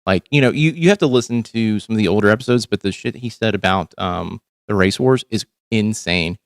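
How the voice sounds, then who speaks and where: Low-voiced man candidly rambling on stream. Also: fairly quick, no room sound, clean studio sound. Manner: rambling, candid, frequent ums and profanity. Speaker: livestream host. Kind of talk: casual livestream chat.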